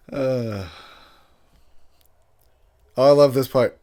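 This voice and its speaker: A tipsy movie commentary host rambles loosely over a film, laughing often and letting his sentences trail off and restart. He talks very slowly in a mellow voice, and his pitch leaps up when he jokes.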